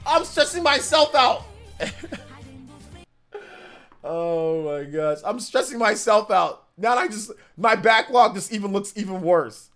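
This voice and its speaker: A man hosting a casual gaming live stream, excitable, repeating himself and laughing at himself as he talks. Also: high voice, slow pace, long pauses, soft background music.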